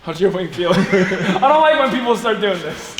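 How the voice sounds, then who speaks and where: Hyped high-voiced male throwing coach. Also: animated, moderate pace. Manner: hyped, swears freely, loud cheering bursts. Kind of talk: casual hands-on coaching. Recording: echoey, distant mic, background noise.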